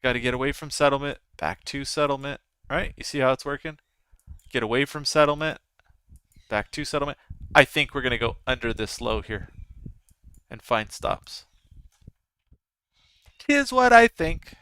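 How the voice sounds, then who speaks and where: A man's voice: medium pitch, normal speed, bright, forceful tone, clear, resonant tone, dry recording. A man in his thirties hosting a live trading stream, chatting casually with his viewers as he comments. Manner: chatty, talks to viewers and chat. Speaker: livestream trading host.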